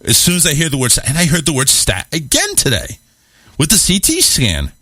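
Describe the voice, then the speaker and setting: A man with a bright, forward voice tells a rambling, self-mocking story in casual talk-show chat. He swears freely and keeps things lively. His voice sounds close and dry. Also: fairly high pitch, brisk, dry recording. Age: adult, married. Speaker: radio show host.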